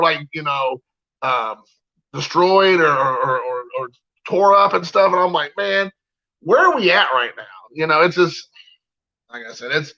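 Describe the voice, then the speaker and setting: Man, fairly high-pitched, gravelly, heated casual rant, lots of fillers, dull lo-fi sound. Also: sharp tone. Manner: heated, repetitive, many fillers. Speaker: card collector vlogger.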